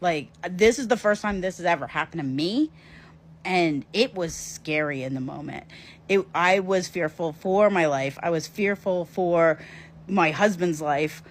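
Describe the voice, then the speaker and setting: A woman telling a story from her own life to camera in a casual vlog, lively and emphatic, with quick asides to the viewer. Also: lowish voice.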